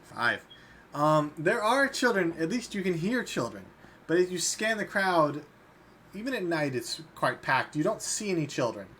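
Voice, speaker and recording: A man narrating a tabletop game as game master, relaxed and quick to laugh. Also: on the high side, a little hiss or hum. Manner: relaxed, often breaks into laughter.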